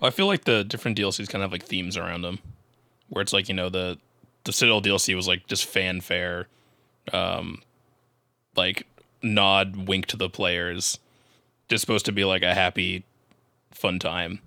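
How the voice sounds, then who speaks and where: A man co-hosting a podcast, talking in a relaxed, rambling way. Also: sits low, normal speed, pauses often, dry recording, clean studio sound. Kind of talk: casual chat.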